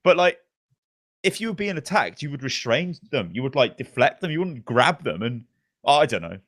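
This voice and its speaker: A man's voice: medium pitch, sing-song, moderate pace, a bit bright, no echo, studio quality. A man, co-hosting a casual podcast, chiming in with slangy asides and frequent laughter. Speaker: podcast co-host. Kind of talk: casual chat.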